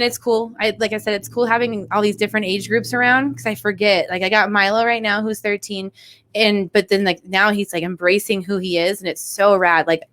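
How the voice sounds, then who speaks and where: A woman co-hosting a podcast, talking in a relaxed, slangy way with casual swearing and frequent laughter. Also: mid-range voice. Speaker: podcast co-host. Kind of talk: casual chat.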